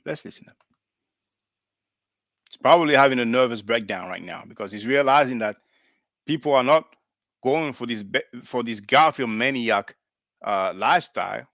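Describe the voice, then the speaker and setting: A man's voice: medium pitch, fairly bright tone, no echo. A man giving sarcastic reaction commentary on a debate clip, mimicking and mocking what he hears. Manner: sarcastic, mimicking, repeats lines with mock emphasis. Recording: dull dry home recording.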